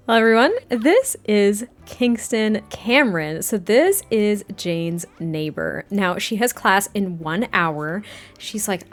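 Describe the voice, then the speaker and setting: A woman with a slightly high voice speaks a little slowly as she casually narrates her life-sim gameplay. The life-sim game YouTuber is giggly and rambling, using lots of fillers, with faint music playing in the background.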